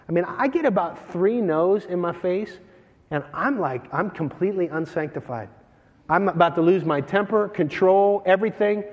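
A man preaching a sermon as pastor, animated and joking as he tells stories between scripture readings. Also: fairly high pitch, moderate pace, dull audio. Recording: long hall reverb.

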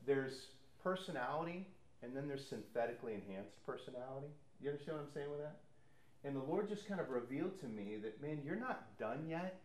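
A man preaching a sermon, telling personal stories conversationally and acting out what other people said. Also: medium pitch. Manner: conversational storytelling, acts out quoted people. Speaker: pastor. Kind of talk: sermon testimony. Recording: echoey room.

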